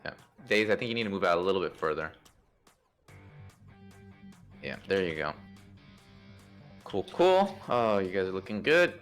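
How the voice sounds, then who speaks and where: A man with a low voice speaks quickly over soft background music, casually organizing a play-test for a space game over voice chat. Relaxed and instructive, he explains maneuvers with lots of fillers and restarts.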